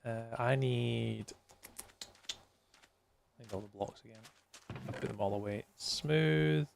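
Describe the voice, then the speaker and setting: A man's voice: lowish voice, steady tone, a little slow, gravelly, a little mellow, a little hiss or hum. A man chatting with viewers during a live gameplay stream. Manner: chatty, talks to viewers while playing. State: tired, yawning.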